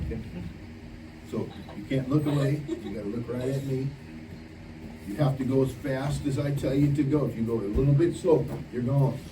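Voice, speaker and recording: A man preaching at a youth camp, playfully teasing the campers and barking quick commands as he leads a game. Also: medium pitch. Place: camp meeting hall with campers. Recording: echoey hall, distant mic, noisy.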